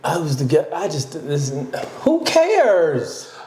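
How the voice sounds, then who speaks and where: Man co-host, mocking profane banter, lively high-ish voice, roomy echo. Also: slow, a little hiss or hum. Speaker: podcast co-host. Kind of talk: casual comedic chat.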